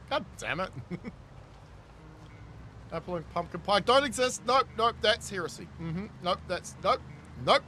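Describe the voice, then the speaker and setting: Nz guy streaming games, reads chat out and laughs a lot, sharp bright tone. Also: high-pitched, moderate pace, long pauses, a little hiss or hum. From New Zealand. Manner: reads chat aloud and riffs on it, laughing often. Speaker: gaming streamer. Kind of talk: casual live-stream chat.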